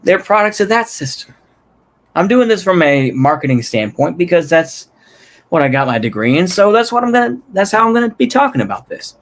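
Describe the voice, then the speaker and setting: Young man, from Texas, fairly high voice, casual rambling monologue, lots of "you know" and "right?". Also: big pitch swings, a little fast. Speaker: political commentary vlogger.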